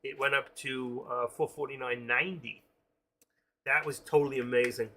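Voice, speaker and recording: A man's voice: mid-range voice, steady tone, normal speed, pushed and bright, slight background noise. A middle-aged man, talking through his trades on a live stream. He thinks aloud and rambles, joking as he goes. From New York. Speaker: day-trading live streamer.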